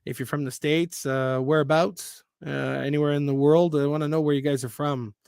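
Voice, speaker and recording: A man from Quebec co-hosting a casual live stream, excitedly reading out where viewers are from. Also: fairly high pitch, moderate pace, creaky, clean tone, dry recording, studio quality. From Quebec, Canada. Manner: excitable, reads out viewer locations. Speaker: co-host.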